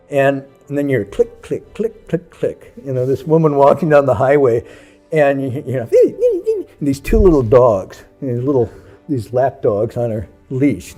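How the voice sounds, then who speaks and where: A man's voice: mid-range voice, dark tone. A man who is a Buddhist monk, telling a story from his past and acting out the people in it. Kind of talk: storytelling talk.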